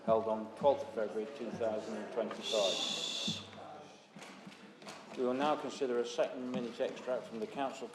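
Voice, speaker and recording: A man chairing a council meeting as mayor, who is losing his voice, making formal procedural announcements. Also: on the low side. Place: council chamber. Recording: echoey chamber with long reverb and background noise.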